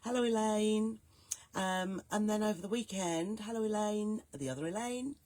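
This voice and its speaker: A woman hosting a live stream, hoarse and gruff from a cold, chatting and greeting viewers by name. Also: medium pitch, normal speed, dry recording. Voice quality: soft, growly, gruff. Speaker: host.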